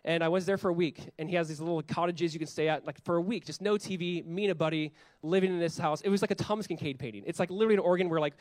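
A young adult man, a pastor, preaching a sermon in a conversational, animated way and acting out the voices he quotes. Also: a little high, very fast, hardly any pauses, no echo.

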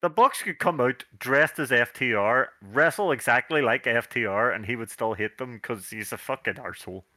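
A man co-hosting a podcast, retelling wrestling shows in sweary, animated casual chat. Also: mid-range voice, moderate pace, few pauses, no room sound. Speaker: podcast co-host.

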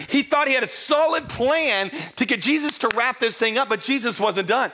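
A high-pitched, bright man preaching a playful sermon, acting out the scene with comic asides. His voice is tense and forceful, and he often speeds up into laughter-filled delivery. A faint hum of noise sits underneath. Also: moderate pace, few pauses. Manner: playful storytelling, acts out disciples in low hushed voices. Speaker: pastor. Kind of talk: humorous sermon.

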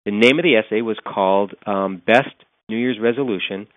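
A middle-aged man speaks in a fairly low voice, thinking aloud in an interview and circling back with fillers as he goes. His voice comes over a narrow, phone-like line with no room sound. He sounds reflective rather than rehearsed. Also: a little fast, dry recording. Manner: thoughtful, with many fillers and restarts. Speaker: author and guest. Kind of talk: conversational interview answers.

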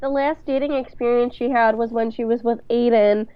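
A woman's voice: a little high, steady tone, moderate pace, clear, resonant tone, dry recording, highs cut off. A young woman co-hosting a podcast, chatting bluntly and sarcastically about a TV episode. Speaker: podcast co-host. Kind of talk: casual episode recap chat.

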